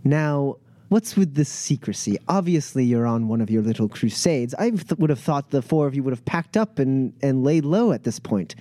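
A man's voice: medium pitch, expressive, moderate pace, mellow, no room sound, clean studio sound, close to an everyday voice. A man voicing a charming, scheming male smuggler who talks in a silky, falsely friendly way. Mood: irritated.

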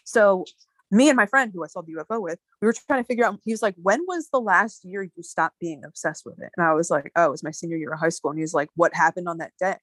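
A woman in her thirties telling a story in casual conversation, animated, with many fillers and swearing. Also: lowish voice, rapid-fire, no echo. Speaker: guest.

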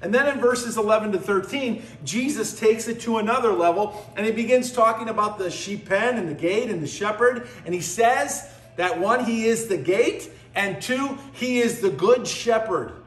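High-voiced man preaching in an echoey room. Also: normal speed. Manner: emphatic, repeating phrases for stress. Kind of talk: sermon. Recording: echoey room with faint music.

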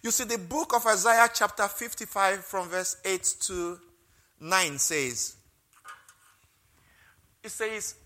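Bright high-voiced man preaching. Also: takes it slowly, long pauses. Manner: emotional storytelling, rising loud on key phrases. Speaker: pastor. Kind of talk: sermon with personal testimony.

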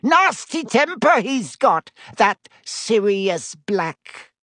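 A man's voice: high voice, very animated, very slow, fairly bright tone, no room sound, clean studio sound, heavily acted. A man voicing a mischievous male poltergeist in a storybook reading, oily and mock-respectful. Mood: gleeful, oily.

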